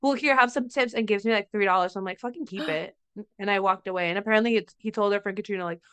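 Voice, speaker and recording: A woman's voice: mid-range voice, racing, smooth, no room sound. A young woman co-hosting a podcast, telling a story in casual chat and acting out the quotes as she goes. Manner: animated storytelling, acts out quotes, frequent "like". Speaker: podcast co-host.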